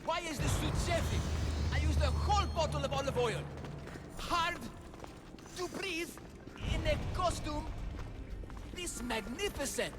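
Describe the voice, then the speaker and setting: A man's voice: very high-pitched, measured pace, long pauses. An actor playing a bumbling, cheerful father in a Minotaur costume in a video game, with an eager, theatrical manner. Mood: flustered. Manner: theatrical, eager, boastful roaring. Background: game music.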